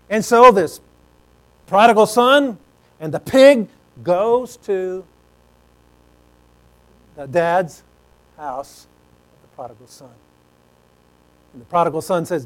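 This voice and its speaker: A man's voice: high voice, animated, takes it slowly, pauses often, low-quality recording. A man preaching a sermon in a folksy, conversational storytelling way.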